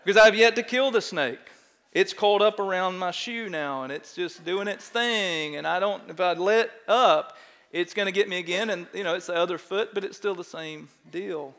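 A middle-aged man with a Texan drawl delivers a sermon in a large church, his fairly high voice carrying a long reverb through the sanctuary. He tells stories with lively, self-mocking energy and keeps checking in with the room. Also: normal speed. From Texas. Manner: animated, self-mocking storyteller, often asks "right?". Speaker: pastor. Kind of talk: sermon with storytelling.

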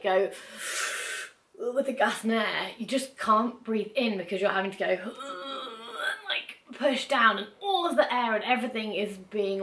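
A woman's voice: mid-range voice, fairly bright tone. A young woman, telling a personal story to camera in a candid, chatty way that is full of asides and "like". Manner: chatty and candid, rushing through asides with frequent "like". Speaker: vlogger. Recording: roomy echo.

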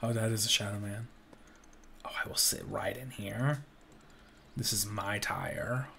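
A man's voice: lowish voice, measured pace, gravelly, pauses often, bright, forceful tone. A man playing through a game, chatting playfully, joking, swearing, and reading the on-screen text aloud. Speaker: let's play gamer. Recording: game music playing under the voice. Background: game music.

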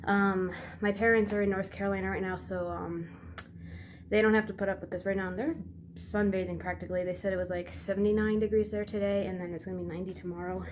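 A woman's voice: medium pitch, flat delivery, quick pace, slight background noise. Breathless young woman vlogging outdoors in snow. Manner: chatty, sighing and laughing between phrases. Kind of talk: casual vlog to camera. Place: outdoors in deep snow by a driveway.

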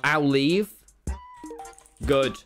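A young man streaming a game live, talking loudly and excitably to his chat in a brash, boastful way. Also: medium pitch, drawn-out words, soft background music. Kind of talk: livestream gaming commentary.

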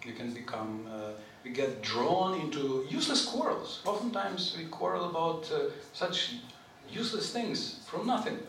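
A man lecturing on scripture in a very echoey temple hall, standing off from the mic with a faint hiss behind him. His pitch is slightly raised and jumps around a lot as he talks in a chatty, animated way. He often clears his throat and keeps asking his listeners questions. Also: normal speed, few pauses, recorded from a distance. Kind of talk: informal scripture lecture to a live group.

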